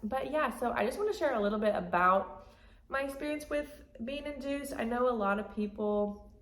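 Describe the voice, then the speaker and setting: A woman's voice: on the high side, animated, moderate pace, a bit bright. A young woman vlogger telling her story in a chatty, casual way, with lots of "like" and laughing as she talks. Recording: echoey room.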